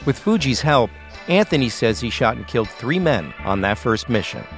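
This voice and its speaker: Male podcast narrator, lively pitch, steady scripted delivery over clear music. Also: moderate pace.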